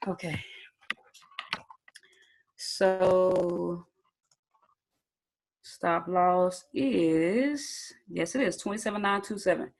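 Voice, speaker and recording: A woman's voice: lowish voice, very slow, creaky, long pauses, darkish tone, low-quality recording. Chatty young woman teaching a live class. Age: young adult. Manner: casual, chatty, addresses viewers as "you guys" and "y'all"; checks in often with "okay?" and asks for chat answers. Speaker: trading instructor. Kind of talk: live screen-share training session.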